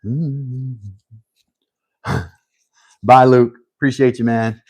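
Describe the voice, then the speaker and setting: A man hosting a casual live stream, thinking aloud while he works, humble and a little halting, with frequent restarts. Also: mid-range voice, fairly even intonation, darkish tone, no echo.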